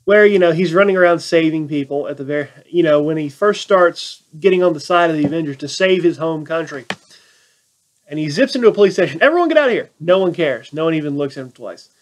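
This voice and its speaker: A man's voice: fairly high pitch, a little fast, slight background noise. A man giving a casual, sarcastic film review rant and mocking the plot. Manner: sarcastic, acts out quotes in mocking voices. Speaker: movie reviewer.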